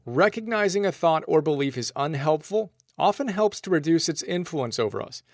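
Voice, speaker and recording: A man's voice: a little high, expressive, moderate pace, no echo, studio quality. A man narrating a self-help book summary in an upbeat, playful way.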